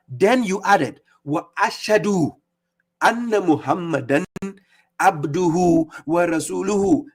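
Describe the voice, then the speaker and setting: A man giving scolding religious commentary on a live stream, mocking opponents and reading verses slowly. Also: fairly high pitch, slightly rough. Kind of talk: preaching commentary on played clips.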